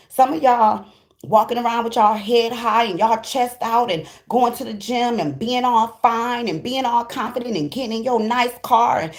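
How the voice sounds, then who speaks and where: A woman giving a casual tarot reading to her viewers, in a blunt, profane and emphatic voice full of slang. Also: a little high. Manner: slangy and fast-flowing, acts out quoted voices. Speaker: tarot reader.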